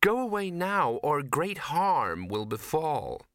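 A man's voice: a little high, very animated, fairly bright tone, no room sound, studio quality, pitched above the performer's own voice, exaggerated voice. Man doing an eerily sweet entranced woman. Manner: slow, sweet, trancelike.

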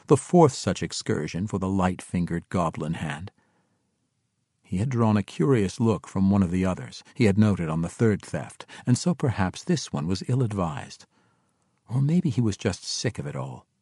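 A man narrating a fantasy novel in expressive storytelling style. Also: deep voice, normal speed, breathy edge, no echo, studio quality. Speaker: audiobook narrator.

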